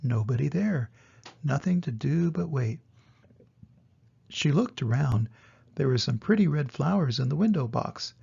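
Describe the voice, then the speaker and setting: An older man reading a children's story aloud, gentle and expressive. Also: on the high side, measured pace, vocal fry, long pauses, husky. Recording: dull lo-fi recording.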